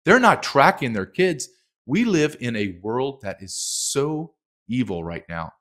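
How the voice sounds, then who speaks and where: A man's voice: mid-range voice, big pitch swings, unhurried, a bit bright. A middle-aged man speaking as a documentary filmmaker guest in a heated interview, emphatic and impassioned, acting out quotes.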